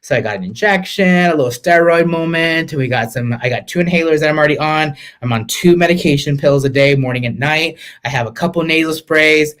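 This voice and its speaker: A man hosting a casual live-stream podcast, sassy and chatty, calling viewers "sis" and slipping in Spanish words. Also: a little high. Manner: expressive, mixes in Spanish words. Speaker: podcast host, chef.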